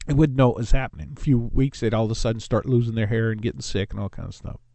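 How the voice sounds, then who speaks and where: A man's voice: lowish voice, rapid-fire, gravelly, dark tone, no echo. Rambling male talk radio host. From Southern California. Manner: rambling, self-interrupting, jokey. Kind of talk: casual talk radio monologue. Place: radio studio.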